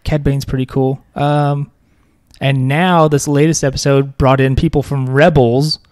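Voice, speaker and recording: A man's voice: mid-range voice, level tone, unhurried, a little mellow, dry recording, clean studio sound. A young man co-hosting a podcast, chatting casually and joking, rambling with frequent laughs. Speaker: podcast co-host. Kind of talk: casual chat.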